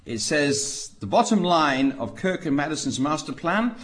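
A man delivers a preaching talk in a fairly high voice that rises and falls widely. He tells stories dramatically and fires off rhetorical questions. He moves between loud, emphatic points and quiet asides. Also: very animated, unhurried, slight background noise.

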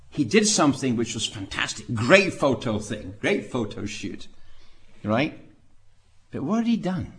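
A man delivers a preaching talk in a fairly high voice that rises and falls widely. He tells stories dramatically and fires off rhetorical questions. He moves between loud, emphatic points and quiet asides.

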